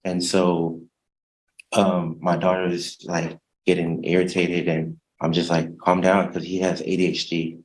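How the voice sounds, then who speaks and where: A man testifying as a defendant in court, hesitant and soft-spoken, halting over his words. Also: sits low, level tone, poor audio.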